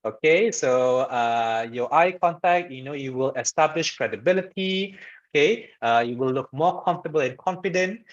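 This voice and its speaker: A man's voice: on the high side, lively intonation, normal speed. A man giving an informal online lesson on public speaking, talking conversationally and checking in with the audience often. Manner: conversational, frequent "okay" and "all right" check-ins; demonstrates voice patterns by shifting loud and soft. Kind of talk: informal lecture. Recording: dull lo-fi webinar audio.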